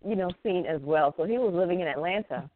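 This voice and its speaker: A woman's voice: lowish voice, lively intonation. Reflective woman guest on a tinny line. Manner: reflective, unhurried, many "you know"s. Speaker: guest singer. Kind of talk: casual interview chat.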